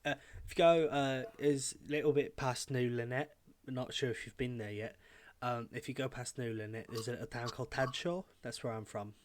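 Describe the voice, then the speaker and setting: A man's voice: medium pitch, steady tone, brisk, hardly any pauses, close to an everyday voice. A man voicing a blunt, matter-of-fact woman who runs a potion shop. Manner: matter-of-fact, dry and frank.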